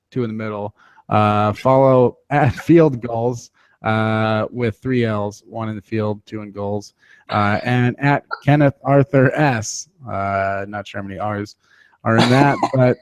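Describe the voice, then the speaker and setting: A male podcast host talks loosely and self-deprecatingly, full of "uh" pauses, at an ordinary mid pitch. His voice is recorded close and dry, with no room sound. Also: clear, resonant tone, no room sound. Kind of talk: casual sports podcast chat.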